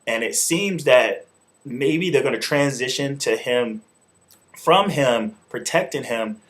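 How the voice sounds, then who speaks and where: A man's voice: mid-range voice, lively intonation, takes it slowly, fairly bright tone. A man hosting his own video show, giving a loose, informal spoken review in casual slang with some swearing. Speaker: show host and wrestling reviewer. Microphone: camera mic, talking to camera.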